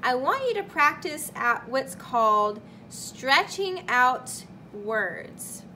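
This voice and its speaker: A woman's voice: sits high, big pitch swings, bright, forceful tone, a little hiss or hum. A young woman teaching a recorded kindergarten lesson, carefully sounding out words for young children. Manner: slow, deliberate sounding-out of words.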